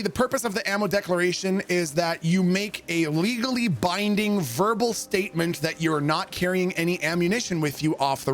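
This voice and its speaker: High-voiced man telling a story while gaming. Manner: animated, swears freely, acts out quotes. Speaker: streamer.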